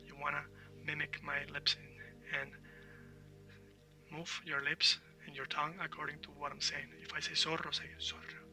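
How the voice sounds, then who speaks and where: A man's voice: fairly high pitch, flat delivery, moderate pace, sharp tone, recorded from a distance, soft background music. A man who speaks Spanish natively, teaching a recorded language lesson, spelling words letter by letter and encouraging learners.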